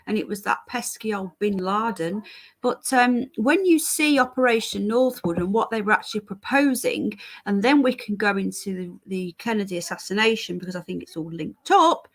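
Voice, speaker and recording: A woman's voice: mid-range voice, normal speed. A British woman hosting a casual livestream, talking in a rambling way and answering viewer messages as they come in. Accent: British English. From Britain. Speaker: livestream host. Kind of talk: casual livestream chat reading viewer comments.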